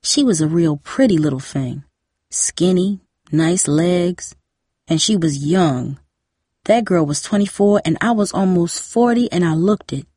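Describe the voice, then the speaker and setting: A woman voicing a weary middle-aged mother who speaks softly and apologetically. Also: fairly low pitch, expressive, measured pace, breathy edge, dry recording, clean studio sound. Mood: rueful. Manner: soft, apologetic. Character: tired middle-aged mother, soft and rueful.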